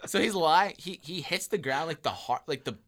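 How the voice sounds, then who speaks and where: A man's voice: fairly high pitch, moderate pace. A young man hosting a podcast, telling a story casually and acting out the people in it, laughing often. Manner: animated, acts out voices, laughs often. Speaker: podcast host.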